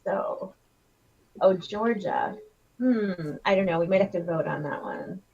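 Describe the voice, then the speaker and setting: A woman co-hosts a casual livestream, riffing on silly ideas with a rambling, giggly manner. Her voice has a breathy, husky edge. The audio is dull and lo-fi. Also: medium pitch, a little slow, a little mellow. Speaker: co-host.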